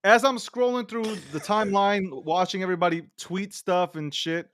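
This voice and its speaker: A man hosting a casual podcast, telling stories in an animated, profane, laughing way. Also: high-pitched, moderate pace, a little hiss or hum. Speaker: host.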